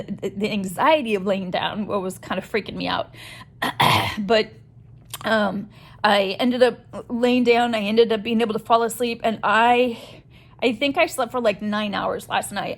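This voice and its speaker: A woman recording a candid personal video diary, talking hesitantly with many pauses and restarts as she gives a health update. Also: mid-range voice. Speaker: vlogger sharing a health update.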